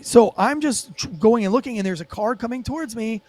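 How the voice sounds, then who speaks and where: A man, a former police officer, telling a story as a guest in a casual podcast interview, animated and profane with lots of fillers. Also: very high voice, brisk, few pauses, no room sound.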